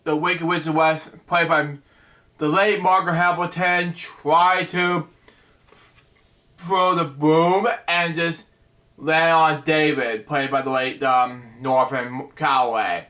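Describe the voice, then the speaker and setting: A man hosting a bedtime story show, reading a picture book aloud in a halting way, stumbling over words and breaking off with asides. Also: fairly high pitch, steady tone, bright, forceful tone. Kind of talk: casual read-aloud with asides.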